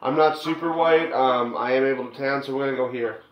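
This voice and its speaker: A man's voice: medium pitch, brisk, a crowd in the background. A man giving crude, joking commentary while playing a game, talking back to the characters. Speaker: let's play gamer. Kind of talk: casual gameplay commentary. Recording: dull, echoey home recording with game music.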